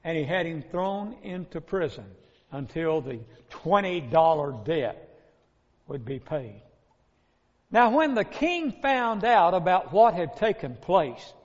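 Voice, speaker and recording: A male preacher giving a sermon, retelling a parable dramatically and speaking straight to his listeners, in a dull recording with long hall reverb. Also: high voice. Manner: dramatic storytelling, addresses the listeners directly.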